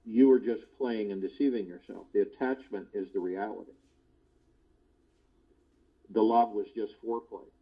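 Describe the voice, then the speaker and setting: A man giving a spiritual discourse, slow and deliberate, often repeating his key phrases. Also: on the low side, slightly rough, dull audio. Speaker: spiritual teacher.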